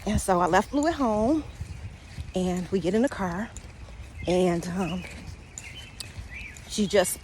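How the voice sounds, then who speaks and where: A woman telling a rambling, halting personal story in a casual vlog, speaking. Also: mid-range voice. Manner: rambling, halting, talks to her dog mid-story. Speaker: spiritual vlogger. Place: outdoors, walking a dog. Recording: outdoor noise behind the voice.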